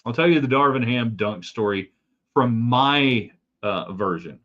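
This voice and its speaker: A man's voice: mid-range voice, animated, measured pace, fairly bright tone, muffled recording. A man hosting a live sports talk stream, opinionated and rambling with side remarks. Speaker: sports talk show host.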